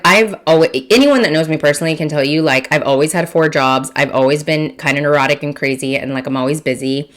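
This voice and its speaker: A woman's voice: low voice, fairly bright tone. A woman in her thirties from Texas hosting a casual food and wine podcast, chatty, self-mocking and swearing freely while she eats. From Mission, Texas. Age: 30s. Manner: eating and tasting while talking. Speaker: podcast host.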